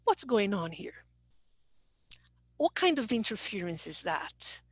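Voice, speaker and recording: A woman's voice: medium pitch, very animated, takes it slowly, slightly rough, no room sound. An older woman, a teacher trainer giving an online webinar who explains patiently and keeps checking in with "okay?". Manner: explanatory, reads chat aloud, frequent "okay?" check-ins.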